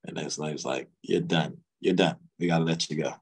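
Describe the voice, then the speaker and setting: This interview guest's voice is a rumbling low, steady, and slightly rough, and he talks a little fast; the recording quality is poor. In a casual, drawling way he shares candid stories, reenacting past conversations.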